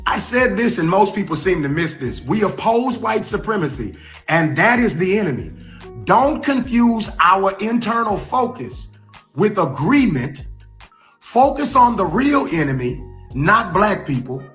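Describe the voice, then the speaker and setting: Bright-voiced man giving earnest commentary. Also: sits high, very animated, soft background music. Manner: earnest, deliberate, lecturing. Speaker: podcast host. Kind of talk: political commentary.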